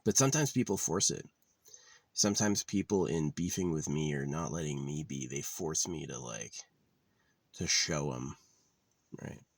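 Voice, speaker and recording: A man's voice: a bass voice, animated, unhurried, gravelly, no echo. A man talking in a casual, rambling monologue, blunt and profane with a wry edge. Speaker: vlogger. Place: living out of his car.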